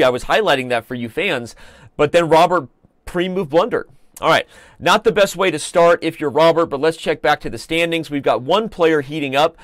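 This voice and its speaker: A man hosting a live online chess show, commenting on games in a chatty, joking way and reading out viewer shout-outs. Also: on the high side, dry recording. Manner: chatty and joking, with playful asides.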